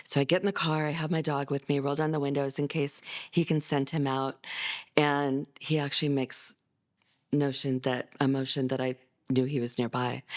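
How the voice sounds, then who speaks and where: Middle-aged california woman, low voice, telling her story slow with lots of ums and pauses. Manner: unhurried, halting, with many pauses and fillers. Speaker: interviewee, mother. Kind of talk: personal storytelling.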